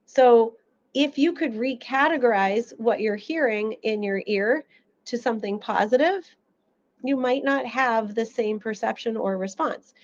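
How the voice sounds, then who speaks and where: A woman's voice: a little high, a little slow, highs cut off. A woman audiologist giving an educational seminar, telling stories and acting out little quotes as she explains. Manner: animated storytelling with acted-out quotes.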